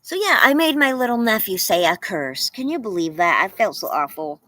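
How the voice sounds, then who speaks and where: A woman's voice: medium pitch, normal speed, dry recording, poor audio. Cali girl chatting on her livestream at home, voice bounces up and down a lot, dry close sound, laughs easy. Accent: Californian. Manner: chatty and animated, laughs often, thanks viewers by name. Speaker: livestream host. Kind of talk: casual livestream chat.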